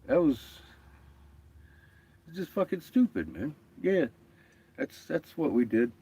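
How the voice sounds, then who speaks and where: A man's voice: fairly high pitch, big pitch swings, slow, warm tone, breathy edge. A man chatting casually on his vlog, telling stories with lots of swearing and laughter, acting out what others said. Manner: profane, laughing storyteller, quoting others. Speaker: vlogger. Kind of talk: casual chat.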